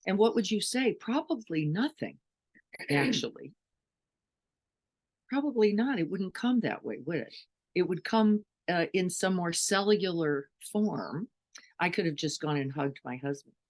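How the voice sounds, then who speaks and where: A woman's voice: lowish voice, darkish tone. Earnest woman teacher giving a dharma talk. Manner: earnest, full of rhetorical questions. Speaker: meditation teacher.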